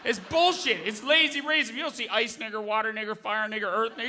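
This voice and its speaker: Casting: a male stand-up comic with a very high, bright voice that swings wide as he rants and shouts. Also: fast talker, a little hiss or hum. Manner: animated, ranting, often shouting. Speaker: stand-up comedian. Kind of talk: stand-up comedy. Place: theatre stage.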